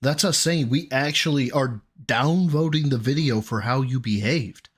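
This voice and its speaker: A man's voice: mid-range voice, moderate pace, husky. A man hosting a live stream, ranting bluntly and swearing, reading out donations between rants. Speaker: streamer host.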